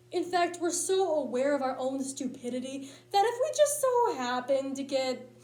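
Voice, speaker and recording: A woman performing a comic monologue at a speech tournament, telling a story in a lively, punchy way. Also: extremely high pitch, roomy sound.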